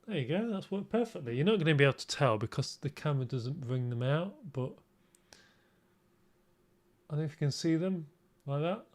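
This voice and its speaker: A man's voice: a little high, expressive, brisk, long pauses. A man on a casual livestream, chatting his way through a makeup tutorial in a rambling, self-mocking way with many restarts. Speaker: streamer.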